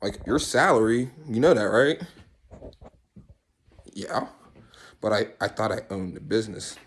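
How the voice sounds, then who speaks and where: A man rambling in a casual comic monologue, swearing and arguing with himself in quick back-and-forth. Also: on the low side, lively intonation. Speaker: vlogger.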